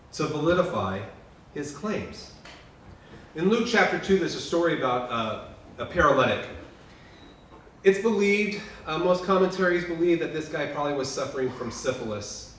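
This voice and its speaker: In an echoey lodge hall, a male pastor preaches a memorial sermon with earnest feeling, moving between loud, urgent passages and hushed ones. The recording is taken from a distance, so his booming voice carries a faint hiss beneath it.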